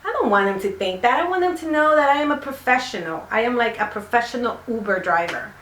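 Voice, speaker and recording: A woman's voice: fairly high pitch, lively intonation, fast, a bit bright, slight background noise. Chatty woman vlogger in a roomy room. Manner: chatty, rambling, many fillers. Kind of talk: casual storytime. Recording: roomy echo.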